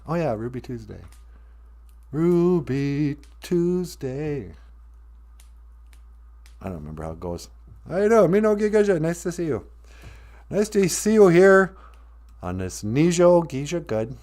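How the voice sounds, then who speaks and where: A man's voice: a little high, wildly swooping pitch, normal speed, a little mellow. A man hosting a casual live stream, joking, greeting viewers by name and laughing often. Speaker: live stream host teaching Ojibwe.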